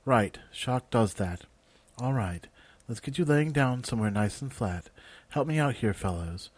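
A man voicing a kindly male healer who talks gently, slowly and reassuringly. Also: medium pitch, lively intonation, no room sound. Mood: soothing.

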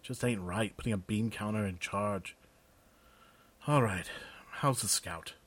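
A man voicing a blunt male army sergeant who speaks firmly in a clipped, quietly threatening way. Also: lowish voice, measured pace.

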